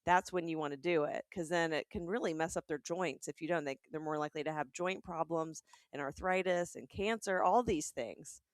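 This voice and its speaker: A woman's voice: low-pitched, fairly quick, hardly any pauses, no echo, studio quality. A middle-aged woman from the American South with a Southern accent, co-hosting a comedic podcast in a chatty, laughing way. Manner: chatty, restarts and laughs a lot. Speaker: podcast co-host. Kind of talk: casual chat.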